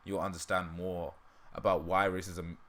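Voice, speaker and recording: A man's voice: sits low, level tone, normal speed, fairly bright tone. A man hosting a casual livestream, laughing often and joking about himself, with a dry throat. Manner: laughs often, self-deprecating. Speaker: livestream host.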